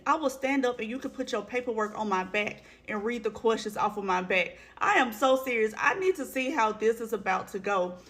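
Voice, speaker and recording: A woman's voice: on the high side, a bit bright. A woman hosting drama commentary, talking conversationally to viewers in an exasperated tone. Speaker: commentary host.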